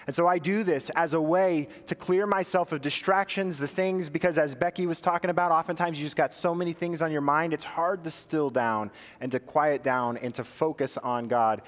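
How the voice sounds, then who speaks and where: A man preaches to his congregation in a church hall, explaining prayer practices step by step. He asks his listeners questions and then answers them himself. His voice sits a little high, and a long reverb trails after his words. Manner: guides slow breathing prayer, drops soft and low on the repeated phrase. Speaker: pastor. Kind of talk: teaching sermon on prayer practices.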